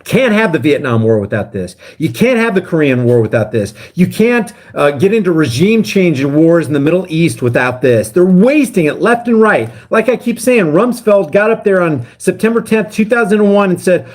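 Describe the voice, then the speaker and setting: Animated man ranting on a livestream. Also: high voice, normal speed, hardly any pauses. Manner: rambling, heated rants. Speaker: guest livestreamer. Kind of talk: casual livestream talk.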